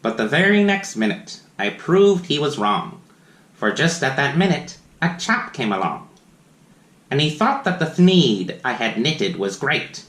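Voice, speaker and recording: A man's voice: fairly high pitch, big pitch swings, unhurried, fairly bright tone. A man reads a rhyming children's book aloud, his voice swooping widely up and down. He takes his time and stops for playful asides to his young listeners. The sound carries a roomy echo. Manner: sing-song rhyming reading with playful asides. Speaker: children's story reader.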